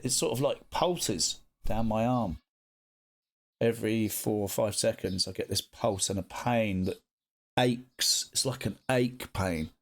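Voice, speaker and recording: Guy streaming, chatting to his viewers, swears a fair bit, mid-pitched everyday voice. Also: vocal fry. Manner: chatty, greets viewers warmly, swears casually. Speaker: live streamer. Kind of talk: casual chat reading live chat.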